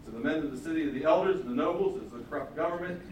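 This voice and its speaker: A man preaching a sermon, his rather high voice full of animated storytelling as he acts out the quotes. He is heard from afar in a very echoey hall, with faint ambience behind. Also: rapid-fire, recorded from a distance, a little hiss or hum.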